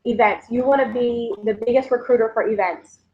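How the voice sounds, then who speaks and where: Upbeat woman, higher voice. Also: brisk. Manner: energetic, repetitive, keeps addressing listeners as "guys". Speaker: network marketing team leader. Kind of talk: motivational livestream recap. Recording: dull lo-fi sound.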